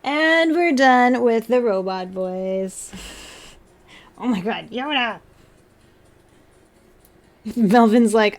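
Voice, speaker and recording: A woman's voice: fairly high pitch, lively intonation, extremely slow, long pauses. A woman livestreamer chatting casually while building a model kit, giggly and self-mocking, laughing often between her sentences. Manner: apologetic and self-mocking with chat.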